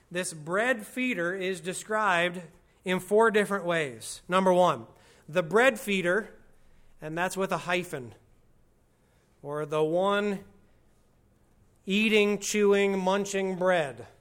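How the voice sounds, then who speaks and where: Higher-voiced man preaching slowly. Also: a bit bright. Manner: conversational teaching with wry asides; slows and stresses key phrases. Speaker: pastor. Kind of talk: expository sermon.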